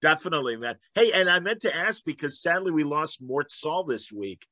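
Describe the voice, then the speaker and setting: A man's voice: on the high side, expressive, a little fast, pushed and bright, no echo. A man hosting an interview podcast, chatting casually and agreeing eagerly. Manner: enthusiastic, agreeable, "man" tags. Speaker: podcast host.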